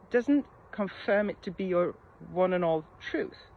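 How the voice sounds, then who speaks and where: A middle-aged woman giving a casual coaching talk, reflective and pausing often with soft fillers. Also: fairly low pitch, lively intonation. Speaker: mindset coach. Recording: slightly muffled with faint background noise.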